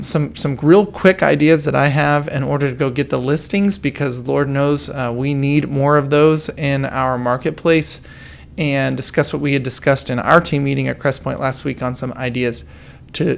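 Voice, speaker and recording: A man's voice: medium pitch, vocal fry. A middle-aged man hosting a solo podcast, talking casually and rambling with many fillers and restarts. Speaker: podcast host, real estate broker owner.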